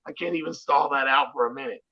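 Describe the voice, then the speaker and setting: A man's voice: medium pitch, quick pace. A man with a Southern accent hosting a livestream, talking loosely and profanely and peppering his speech with "you know what I'm saying". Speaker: livestream host. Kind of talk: casual livestream chat. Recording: muffled lo-fi stream audio.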